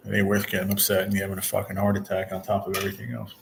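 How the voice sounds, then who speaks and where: Gravelly, blunt man in his forties. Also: fairly low pitch, monotone, rapid-fire, background noise. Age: 40s. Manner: blunt, profane venting; talks straight to viewers and chat. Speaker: channel host. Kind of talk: casual livestream chat.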